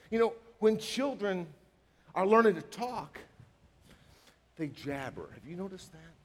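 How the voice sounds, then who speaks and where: High-voiced preaching man. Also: normal speed. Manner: emphatic, animated, with mock dialogue. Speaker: pastor. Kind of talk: sermon. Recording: reverberant hall.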